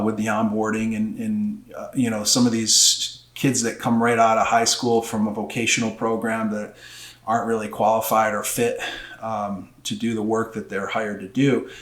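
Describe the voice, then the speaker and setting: A middle-aged man, a former wrestling coach, telling a story in casual podcast conversation and acting out quotes with a rising voice. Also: normal speed. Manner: animated storyteller, acts out quotes with rising pitch. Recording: roomy echo.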